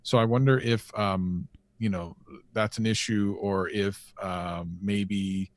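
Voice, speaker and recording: A man's voice: fairly low pitch, fairly even intonation, slow, no echo. Thoughtful male reviewer, dry sound. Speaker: guest reviewer giving advice. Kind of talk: casual panel chat reviewing channels.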